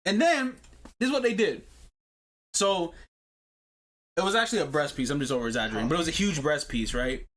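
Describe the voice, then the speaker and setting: A man's voice: fairly high pitch, animated, brisk, pauses often, fairly bright tone. A man co-hosting a podcast, telling a story in a casual chat, slangy and profane. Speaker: podcast co-host.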